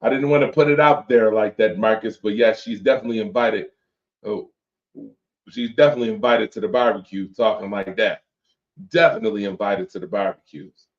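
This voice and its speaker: A man hosts a late-night sports talk show, bantering loosely and reading out viewer comments. His voice sits a little low and comes through dull, lo-fi stream audio. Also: fairly even intonation, fairly quick. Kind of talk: casual chat with viewers.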